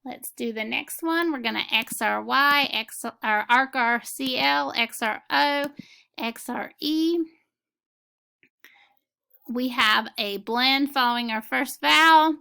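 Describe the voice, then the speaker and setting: Woman, phonics teacher, slightly high voice, slow methodical delivery, some vocal fry. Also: pushed and bright. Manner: slow, clear, methodical word-by-word decoding. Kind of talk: phonics reading lesson.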